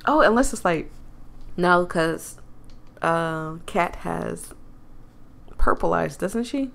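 Giggly gravelly-voiced woman gamer. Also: on the low side, expressive, takes it slowly. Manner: giggly, self-deprecating, chatty. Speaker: gaming YouTuber. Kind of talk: let's-play narration with reactions.

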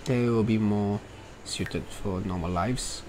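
A man's voice: on the low side, slow, crowd noise. A man giving casual, playful commentary over his gameplay, chatting and cheering on the characters on screen. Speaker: let's play gamer. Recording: noisy home recording.

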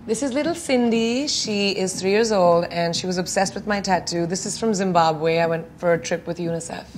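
A woman's voice: lowish voice, moderate pace, slight background noise. Playful woman in her thirties. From India. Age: 30s. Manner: playful, laughing, chatty. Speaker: celebrity guest. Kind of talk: quick-fire interview answers. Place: indoors at home.

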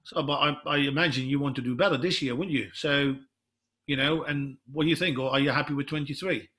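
A man's voice: on the high side, fairly even intonation, fairly quick, fairly bright tone. A middle-aged man, a football coach presenting to other coaches in an explanatory way, restarting sentences often. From Netherlands. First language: Dutch. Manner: explanatory, retells dialogue, many restarts.

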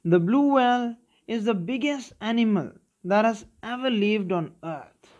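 A man voicing a kindly grandfather from a storybook who explains things patiently. He talks in a fairly high, lightly raised voice, like a teacher reading a story aloud. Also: lively intonation, a little slow, a little mellow, highs cut off. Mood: explaining. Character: grandfather explaining clouds to a child.

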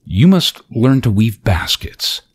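A man's voice: mid-range voice, sing-song, takes it slowly, slightly rough, pitched above the performer's own voice, exaggerated voice. A man voicing a poor traveling fiddler who speaks bluntly and scolds his wife, as whispered role-play in a storybook reading. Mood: scolding.

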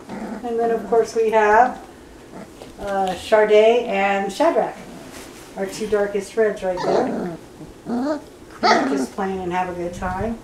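A woman's voice: medium pitch, steady tone, unhurried. A woman breeder talking casually about her puppies, slipping into cooing baby talk. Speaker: dog breeder. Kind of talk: casual vlog narration. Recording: roomy, from far off, noisy.

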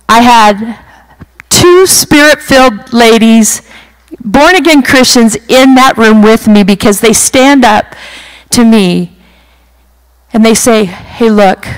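A middle-aged woman gives a personal testimony at a retreat, acting out her own moments as she goes. Her voice sits high, and she takes her time with each phrase. Her storytelling is lively and heartfelt. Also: clean tone, low-quality recording. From western United States. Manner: animated storytelling, acts out her own panic. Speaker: retreat speaker.

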